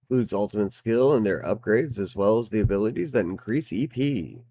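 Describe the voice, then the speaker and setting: A man's voice: lowish voice, lively intonation, fairly quick, dark tone, breathy edge. A man giving casual gameplay commentary as a game reviewer. He is slightly out of breath, swears now and then and reads game text aloud. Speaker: game reviewer playing on stream.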